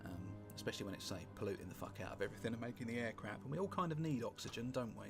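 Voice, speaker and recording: A British man casually commentating on a strategy game he is playing, rambling and wry, with sweary asides and thinking out loud. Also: medium pitch, expressive, rapid-fire, creaky. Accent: British English. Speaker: gameplay commentator. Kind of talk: casual let's-play commentary. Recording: music playing underneath.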